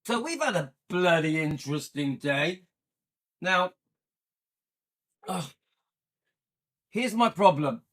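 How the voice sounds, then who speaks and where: A man's voice: on the high side, big pitch swings, slow, long pauses, fairly bright tone. A man hosting his own channel, chatting casually and rambling with lots of fillers. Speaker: channel host. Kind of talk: casual chat to camera.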